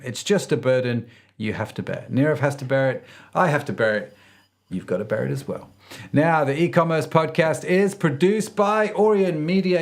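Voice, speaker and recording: A man hosts a casual interview podcast. He sounds upbeat and playful, joking about himself and heaping praise on his guest and listeners. His pitch sits in an ordinary middle range for a man. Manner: upbeat, jokey, effusive. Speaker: podcast host. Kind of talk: casual interview and show outro.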